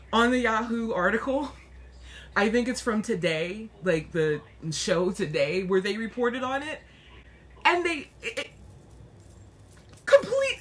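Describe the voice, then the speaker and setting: Excitable young woman vlogging with dark humor. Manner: animated and excitable, with laughter and sudden high bursts; self-deprecating, with a dark sense of humor. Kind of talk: casual commentary vlog.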